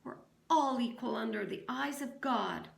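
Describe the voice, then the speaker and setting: A defiant young schoolteacher pleads in a high, breathless, urgent voice, performed by a woman reading a storybook aloud. Her lines sit well above the reader's usual pitch and come out loud. The room around her is echoey. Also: lively intonation, a little slow, creaky, distant mic, full character voice.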